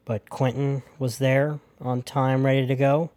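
A male podcast host reads his narration in a sincere, steady voice, with a heartfelt tone. His pitch sits in the middle of the male range, and his delivery feels scripted and careful. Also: measured pace.

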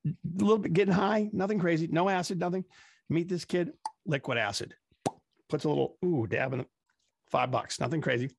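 Gravelly, husky man telling loose stories. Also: on the high side, fairly quick, dry recording. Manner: swears freely, tells loose rambling stories. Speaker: podcast co-host. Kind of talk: casual profane banter.

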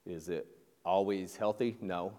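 A man's voice: low-pitched, steady tone, a little slow, dark tone. A man preaching a sermon in a conversational way, restarting his sentences and asking the listeners questions. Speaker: pastor. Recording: long echo of a large hall.

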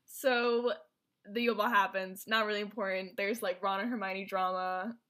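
A woman's voice: mid-range voice, fairly even intonation, moderate pace, a bit bright. A woman casually recapping a movie plot as a co-host, rambling with lots of filler words. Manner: rambling, filler-heavy storytelling with many "like"s. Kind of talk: casual chat.

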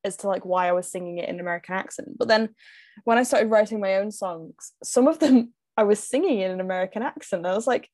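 An English woman in a loose, friendly chat, full of little laughs and filler words. Her voice sits at a middling pitch and the recording is close and dry, with no room sound. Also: fast, darkish tone, no room sound. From England. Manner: chatty, laughs often, many fillers. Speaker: singer-songwriter guest. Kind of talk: casual chat.

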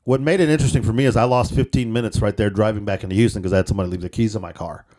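A man, co-hosting a podcast, telling joking rideshare stories with sudden excited outbursts. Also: fairly low pitch, very fast. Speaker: podcast co-host. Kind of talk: casual storytelling chat.

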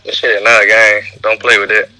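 Bright-voiced man on a tinny remote line. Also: fairly low pitch, little pitch movement, fairly quick, faint music behind. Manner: laid-back slangy talk. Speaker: guest calling in. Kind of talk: casual podcast chat. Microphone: remote call over poor wi-fi.

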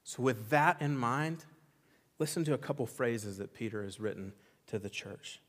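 A man's voice: mid-range voice, lively intonation, normal speed. Man preaching in a reverberant church hall. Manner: impassioned preaching with emphatic repetition; swings between loud exclamation and quiet intensity. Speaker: pastor. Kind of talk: sermon. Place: church sanctuary.

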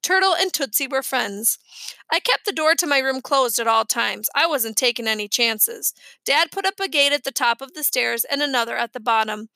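A woman reads a children's novel aloud, her voice high and bright, telling the story in a plain, even way. The recording is close and dry. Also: normal speed, creaky, dry recording. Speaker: audiobook reader.

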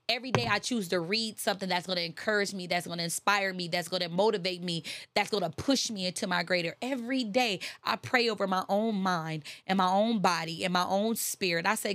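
A woman's voice: medium pitch, no room sound. Emphatic woman giving a motivational talk. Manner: emphatic, repeats phrases, preachy and animated. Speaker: motivational speaker. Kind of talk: faith-based motivational talk.

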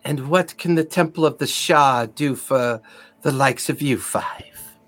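A man voicing a cloistered woman drow priestess who speaks in an unhurried, macabre way. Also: mid-range voice, fairly bright tone. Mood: cool, morbid.

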